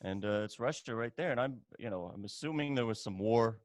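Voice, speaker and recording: Male podcast guest from Iran, mid-pitched, comic mock-indignant banter, dry close mic. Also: fairly quick, dry recording. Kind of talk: casual chat.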